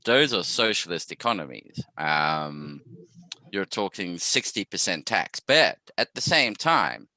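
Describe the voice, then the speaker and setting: An English man hosting a casual video-call chat, swearing freely and talking in animated bursts. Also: low voice, unhurried, no echo. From England. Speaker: podcast host.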